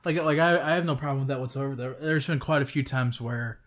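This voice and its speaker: A young man co-hosting a podcast, telling work stories in casual, profane, animated chat. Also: medium pitch, quick pace. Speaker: podcast co-host.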